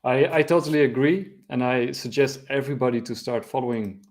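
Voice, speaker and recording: A man hosting an interview, a little hoarse from a cold, speaking in a friendly way with hesitant fillers. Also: mid-range voice, fairly even intonation, fairly quick, darkish tone. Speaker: host. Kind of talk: casual interview chat.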